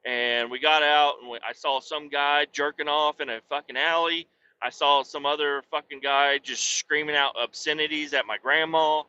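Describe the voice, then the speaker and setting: High, bright-voiced man ranting on a podcast. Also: steady tone, normal speed, highs cut off, slight background noise. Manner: swears constantly, works himself up into shouting tirades. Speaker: podcast host. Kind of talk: casual profane storytelling rant.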